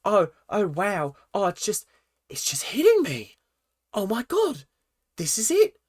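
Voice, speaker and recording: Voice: medium pitch, huge pitch swings, unhurried, voice pushed up. A vlogger mimicking a man who overacts fake shock, gasping in exaggerated exclamations. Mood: mock distress. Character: dramatic man putting on fake tearful shock.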